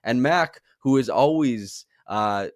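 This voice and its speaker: A man's voice: mid-range voice, lively intonation, takes it slowly, no echo, studio quality. A man in his twenties hosting a casual podcast, joking and rambling through introductions. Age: 20s. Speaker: podcast host.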